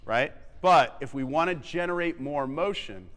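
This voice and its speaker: Band clinician, male, a bit high-pitched, energetic rehearsal coaching with sung demonstrations, live in a reverberant theatre. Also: normal speed. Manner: upbeat, sings melodies on syllables and counts the band in. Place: large theatre stage. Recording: echoey hall, long reverb.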